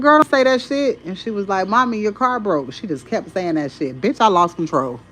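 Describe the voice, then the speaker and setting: Animated woman telling a story, profane. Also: deep voice, low-quality recording. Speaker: spiritual content creator. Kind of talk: casual storytelling to viewers.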